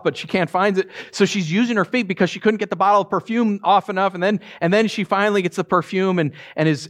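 A man giving a conversational sermon, telling the story in an animated way and putting questions to his listeners. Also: sits high. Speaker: preacher.

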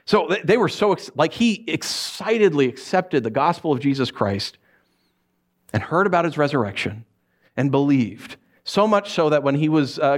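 Animated man preaching a sermon. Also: on the high side. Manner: animated storytelling with acted-out voices.

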